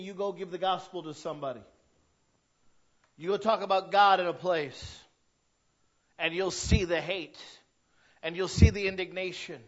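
A male pastor with a fairly high voice gives a conversational sermon that rises to emphatic, louder peaks. The recording is dull and lo-fi, with the top end muffled.

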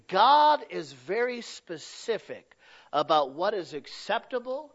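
High-voiced man preaching a sermon. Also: big pitch swings, slow pace, lo-fi sound. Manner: dynamic preaching, swinging from loud to hushed. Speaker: pastor.

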